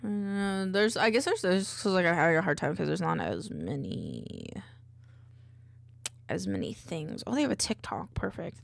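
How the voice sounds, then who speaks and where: Woman streamer, vocal fry, relaxed rambling chat, reads chat messages aloud while multitasking. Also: lowish voice, normal speed. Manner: rambling and distracted, reading chat aloud between tasks. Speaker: VTuber streamer. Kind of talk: casual low-key stream chat.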